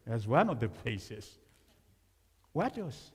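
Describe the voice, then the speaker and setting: A man's voice: mid-range voice, very animated, slow, pauses often, slightly rough. A man from Africa preaching as a guest speaker, talking conversationally and putting questions to the congregation. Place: church sanctuary. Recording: long church reverb.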